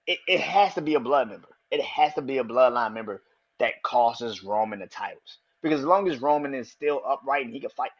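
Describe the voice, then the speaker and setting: A man hosting a podcast, talking excitedly and with a lot of swearing, repeating his predictions for emphasis. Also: medium pitch, slightly rough, highs cut off. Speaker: podcast host. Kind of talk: casual wrestling commentary.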